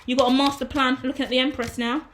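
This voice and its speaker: A woman's voice: high voice, flat delivery, quick pace, fairly bright tone, a little hiss or hum. A woman giving a casual tarot reading, emphatic and preachy, swearing freely. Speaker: tarot reader.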